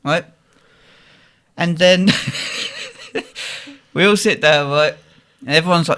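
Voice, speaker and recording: Animated young Englishman telling a story. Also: a little high, slow, pauses often, clean tone. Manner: animated, swears freely, quotes people in the story. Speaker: podcast co-host. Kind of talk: casual storytelling.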